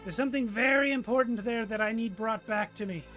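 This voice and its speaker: A man voicing a gleeful undead male scientist in a tabletop game, with a high, loud, cackling voice and a cryptic, insistent way of talking. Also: a little fast, soft background music.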